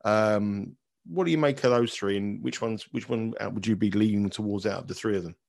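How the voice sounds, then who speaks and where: A man hosting a casual betting chat, inquisitive and quick with follow-up questions. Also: on the low side, vocal fry, a little mellow. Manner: inquisitive, chatty, quick to ask follow-ups. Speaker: podcast host.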